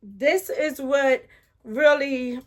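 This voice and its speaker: A middle-aged woman telling a casual story-time vlog. She speaks animatedly, keeps turning to her viewers with asides, and restarts her sentences often as she gets excited. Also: sits high, very slow. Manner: animated, talks straight to viewers with frequent asides.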